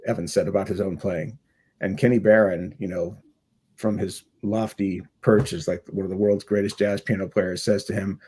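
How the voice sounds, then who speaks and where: A middle-aged man, a music teacher, telling a story in earnest, relaxed podcast chat. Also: low-pitched, normal speed, husky. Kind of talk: casual chat.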